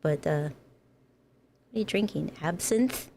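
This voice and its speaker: A woman chatting casually on a livestream, talkative and quick to giggle. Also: low-pitched, vocal fry, mellow, slight background noise. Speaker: livestream co-host. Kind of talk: casual chat.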